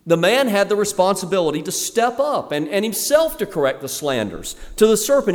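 A man's voice: fairly high pitch, very animated, normal speed, a little mellow. Man preaching in an echoey hall. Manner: emphatic, preacherly, with fillers and restarts. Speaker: pastor. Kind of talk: sermon.

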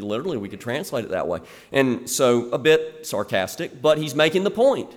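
A man's voice: mid-range voice, moderate pace, hardly any pauses. Man preaching in a reverberant hall. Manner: animated preaching, swings between loud emphasis and quiet asides. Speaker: pastor. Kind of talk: expository sermon. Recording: long reverb of a large hall.

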